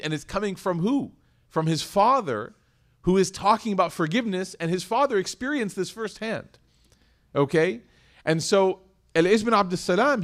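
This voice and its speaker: A man giving a lively Islamic lecture to a live audience, asking questions and acting out quoted voices. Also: on the high side.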